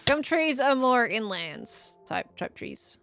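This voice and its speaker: This young Australian streamer has a high, sing-song voice, with music in the background. She builds in her game while chatting, reading out and answering chat messages, with quick bursts of laughter.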